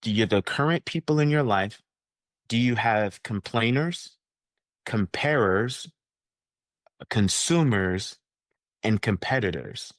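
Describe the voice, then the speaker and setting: A man as a guest coach in a conversational interview, acting out the people he quotes in lively voices. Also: lowish voice, slow, long pauses, dry recording, clean studio sound.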